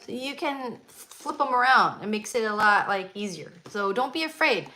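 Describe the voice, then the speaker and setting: A woman's voice: on the high side, expressive, normal speed, over loud music, low-quality recording. A woman teaching a live ukulele lesson, counting beats aloud and singing along as she plays. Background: ukulele playing.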